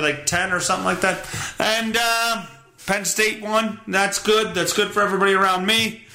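A man's voice: sits high, sharp tone. A young man hosting his own podcast, rambling casually in a profane, self-mocking way. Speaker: podcast host. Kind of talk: casual solo podcast monologue.

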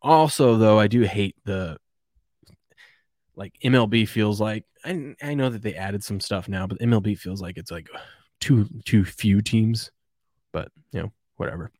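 A man's voice: on the low side, measured pace, a little mellow, no echo, studio quality. A man hosting a casual morning sports show, rambling and chuckling as he reads viewer comments. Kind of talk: casual live sports chat.

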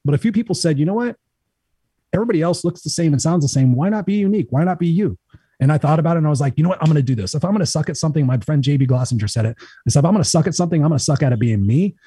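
A man telling a story in a casual chat, energetic, swearing freely and acting out what others said. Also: a little high, rapid-fire, hardly any pauses, breathy edge, dry recording. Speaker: motivational speaker.

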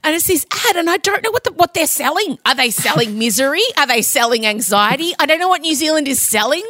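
Woman, podcast host, casual chat, bright voice, dry sound, laughs and swears. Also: high voice, fast talker, no room sound. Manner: animated, swearing, lots of laughter.

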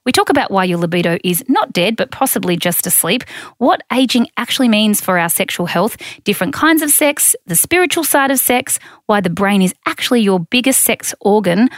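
A woman's voice: mid-range voice, lively intonation, a little fast, dry recording, clean studio sound. A woman co-hosting a podcast, upbeat, chatty and teasing. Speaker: podcast co-host. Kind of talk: casual chat.

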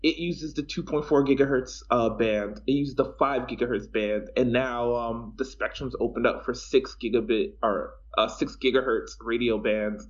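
A man's voice: mid-range voice, fairly even intonation, normal speed, few pauses. A man co-hosting a podcast, explaining technology casually with lots of fillers. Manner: explains at length with many fillers. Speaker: podcast co-host. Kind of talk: casual tech chat. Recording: dull lo-fi home recording.

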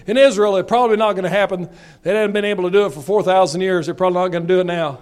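A high-pitched male preacher with a drawl. He reads scripture in a low, soft voice, then climbs into loud, shouted calls for revival. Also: steady tone, very fast. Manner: builds from quiet scripture reading to loud, shouting exhortation. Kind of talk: revival sermon.

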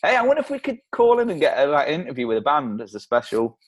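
Male host, bouncy animated pitch, slightly high, teasing banter. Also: fast. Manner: lively, teasing, laughs often. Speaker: podcast co-host. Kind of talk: casual comedy chat.

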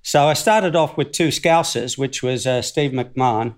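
A man's voice: mid-range voice, unhurried. An older man from Australia, a guest in an interview, telling stories in a rambling, self-deprecating way and laughing often. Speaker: guest, former footballer. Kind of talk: casual interview storytelling.

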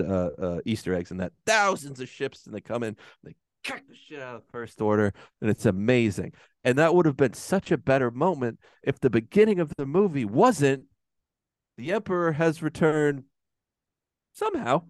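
A male podcast co-host in the middle of a heated rant, cursing often. His pitch swings widely as he talks. The sound is dry and close, with no room echo. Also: sing-song, moderate pace. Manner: heated, ranting, swears often. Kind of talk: casual podcast chat.

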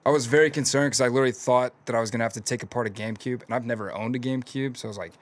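A young man in casual chat with friends, telling stories in a quick, rambling way and laughing often. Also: mid-range voice, steady tone, a little hiss or hum.

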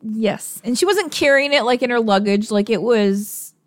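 A woman's voice: a little high, expressive, moderate pace, no echo, studio quality. A woman co-hosting a casual podcast chat, blunt and amused. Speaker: podcast co-host.

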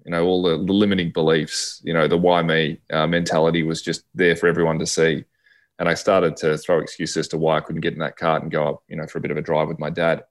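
A man's voice: very deep voice, fast. An Australian man, a podcast guest, telling a personal story and acting out the dialogue of the people in it. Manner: lively storyteller who acts out quoted dialogue.

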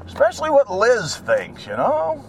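Man, driving vlog, rambling sarcastic rants, high animated voice, faint road noise behind. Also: a little slow. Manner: ranting, sarcastic, drifts between topics, swears. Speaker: vlogger. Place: in a car while driving.

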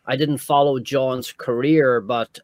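A man, recalling a story in a halting, reflective way. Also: medium pitch, fairly even intonation, a little mellow. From Ireland. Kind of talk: casual recollection.

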